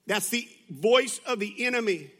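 Man preaching with swings from hush to urgency. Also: high-pitched, expressive, moderate pace. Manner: swings from hushed intimacy to loud, urgent preaching; conversational, with restarts and asides. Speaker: pastor. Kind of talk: sermon.

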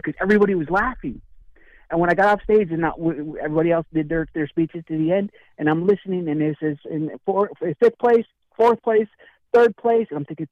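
A man and author telling a story in casual chat, acting out the lines of the people in it with lively energy. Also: on the high side, fairly quick, dry recording, dull audio. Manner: animated, acts out dialogue in story. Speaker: guest speaker and author.

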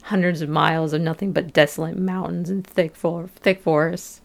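A woman with a low, gravelly voice recaps an episode in a relaxed podcast chat. She talks loosely, full of fillers, and slips into little acted-out quotes. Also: normal speed. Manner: chatty, many fillers, acts out quotes of locals. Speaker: podcast co-host.

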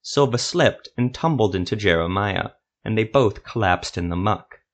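Male storyteller, lowish voice, steady measured fantasy narration.

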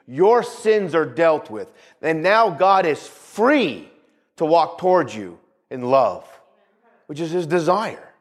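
A man preaches a sermon, his slightly high voice swooping up and down. He hammers points home by repeating them and keeps asking the congregation for an amen. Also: very animated, takes it slowly, slightly rough. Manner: preaching with rising and falling emphasis, repeats phrases, calls for amens. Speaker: pastor.

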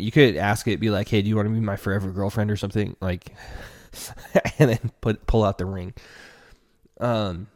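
A man's voice: lowish voice, darkish tone, no echo, studio quality. A man hosting a relationship podcast, giving earnest, casual advice straight to the listener.

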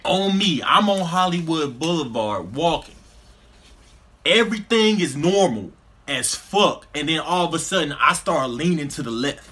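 Male co-host, high bright voice, animated slangy storyteller in a casual chat. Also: a little slow, slightly rough. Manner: animated storyteller, laughs through punchlines, slangy.

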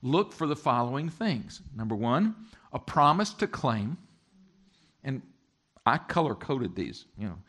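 A man as pastor giving a sermon, talking lively and joking with his congregation. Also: mid-range voice, measured pace, slightly rough.

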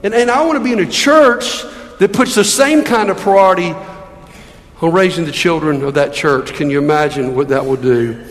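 A man's voice: a little high, moderate pace. A man preaching a sermon as a pastor in a church, earnest and pleading, full of rhetorical questions. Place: church sanctuary. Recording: long reverb of a church hall.

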